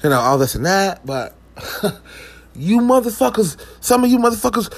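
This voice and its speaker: A man's voice: high-pitched, sing-song, moderate pace. A man ranting to the camera in a profane comic vlog, with lots of swearing, restarts and asides. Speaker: vlogger.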